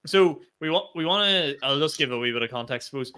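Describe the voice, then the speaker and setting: Male comedian, quick and bright, cheeky anecdote-teller. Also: on the high side, clean tone. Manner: animated storytelling, swears freely. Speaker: podcast co-host and stand-up comedian. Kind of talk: casual chat.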